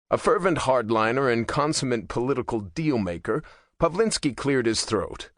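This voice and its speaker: A male narrator reads a thriller with measured storytelling, his voice in a middle register that moves with lively pitch. The recording is dry and close, with no room sound. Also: no room sound. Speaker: audiobook narrator. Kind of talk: scripted narration.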